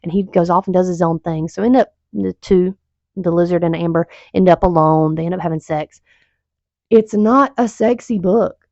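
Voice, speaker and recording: A woman's voice: lowish voice, little pitch movement, brisk, mellow, dry recording. A woman reviewing books in a casual vlog, rambling and exasperated, swearing freely. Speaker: book reviewer. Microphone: home video mic. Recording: dull lo-fi home mic.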